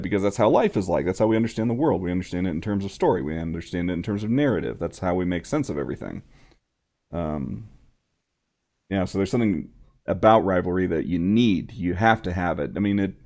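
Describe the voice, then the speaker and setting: A man's voice: deep voice, mellow. A man hosting a sports podcast, musing reflectively and asking his guest questions. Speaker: podcast host. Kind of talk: casual podcast interview.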